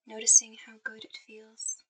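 A woman speaking in a soft, intimate whisper, guiding the listener toward sleep in a whispered role-play. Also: fairly high pitch, monotone, moderate pace, slightly rough, low-quality recording. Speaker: ASMR performer.

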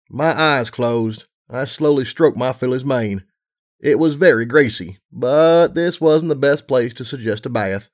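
A man reading a story aloud, narrating in a steady, even storytelling manner. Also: mid-range voice, moderate pace. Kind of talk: audiobook reading of fan fiction.

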